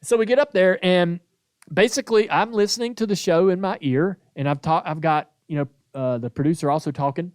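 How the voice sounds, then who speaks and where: A man's voice: high-pitched, a little fast, no echo, studio quality. A man, hosting a podcast and telling a story in casual chat, acting out the lines he quotes. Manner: animated storytelling, acts out quoted voices. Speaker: podcast host.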